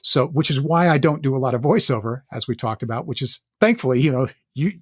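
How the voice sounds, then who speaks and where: Middle-aged male actor from Northern California, husky, mid-pitched, earnest and halting, dry close mic. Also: animated, dry recording. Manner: earnest, halting, with frequent word repeats and restarts. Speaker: actor and podcast guest. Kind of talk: candid storytelling interview.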